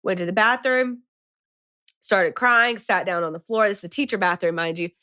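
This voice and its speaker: A young woman co-hosting a podcast, telling a classroom story in a lively, dramatic way. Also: mid-range voice, normal speed, clear, resonant tone, no room sound, studio quality. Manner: animated, dramatic retelling with rising emphasis. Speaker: podcast co-host. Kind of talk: casual storytelling chat.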